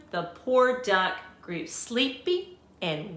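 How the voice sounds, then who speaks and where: A woman teacher reading a picture book aloud at a slow, unhurried pace. Her voice is bright and clear, and she pauses often to ask the children questions. It sounds like an echoey room. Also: mid-range voice, animated. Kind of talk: read-aloud storytime for children.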